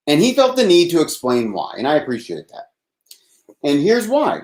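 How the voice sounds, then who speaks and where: A man from Texas talks loosely through a live nightly show, rambling and breaking into laughter. His pitch leaps up and down a lot. The room around him has a noticeable echo. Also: very animated, moderate pace, long pauses, a little mellow. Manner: rambling, laughs often, swears. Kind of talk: casual live-stream monologue.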